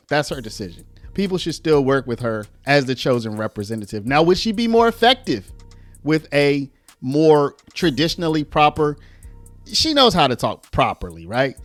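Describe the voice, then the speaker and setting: A man's voice: a little high, big pitch swings, moderate pace, dry recording, faint music behind. A man giving argumentative commentary on played clips, explaining step by step with rhetorical asides.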